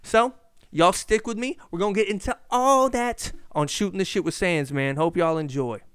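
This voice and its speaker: Brief: young man, podcast host, fast profane rambles, smooth clear voice, slightly high, dry close mic. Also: no echo. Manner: profane, rambling, animated rants. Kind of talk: casual solo sports podcast rant. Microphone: handheld mic.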